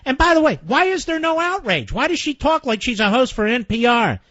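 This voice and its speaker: Sarcastic guy ranting on talk radio, high voice all over the place, dry muffled sound. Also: very animated, a little fast, a bit bright, no echo. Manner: sarcastic, indignant, mocking. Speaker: radio talk show host. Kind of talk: combative political radio commentary. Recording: muffled lo-fi broadcast audio.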